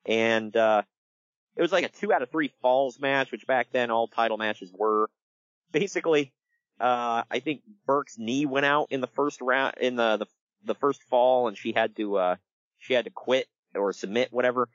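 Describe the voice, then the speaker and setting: A man hosting a casual podcast, telling stories in an animated way and laughing along. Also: medium pitch, dry recording, highs cut off. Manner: animated storytelling with laughs and quick impressions. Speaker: podcast host. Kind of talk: casual wrestling podcast chat.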